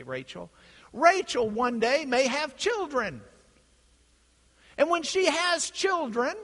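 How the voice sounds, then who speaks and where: A middle-aged man giving a classroom lecture, acting out the voices in his quotes. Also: very high voice. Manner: animated, acts out voices in quotes. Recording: echoey hall.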